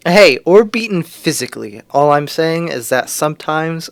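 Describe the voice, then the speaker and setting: A man's voice: on the high side, normal speed, few pauses, no room sound. Joking young man doing gameplay commentary. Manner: joking, rambling asides. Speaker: let's play host.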